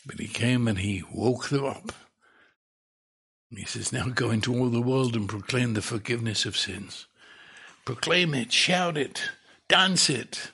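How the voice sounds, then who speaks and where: A man preaching a sermon in an emphatic, repetitive way, his voice climbing as he gets excited. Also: medium pitch, unhurried, creaky, breathy edge. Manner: emphatic, repeats words, rising with excitement.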